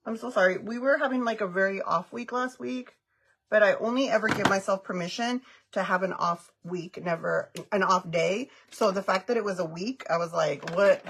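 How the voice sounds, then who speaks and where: A woman's voice: medium pitch, normal speed, fairly bright tone, a little hiss or hum. A middle-aged woman chatting casually on a makeup livestream, giggling, greeting viewers by name and mixing Spanish phrases into her English. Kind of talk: casual live-stream chat.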